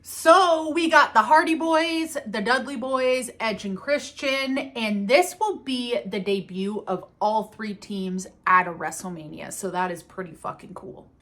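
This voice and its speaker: A woman's voice: fairly high pitch, unhurried, few pauses, a bit bright. A woman chatting casually and enthusiastically as she reviews a wrestling event, with the odd casual swear.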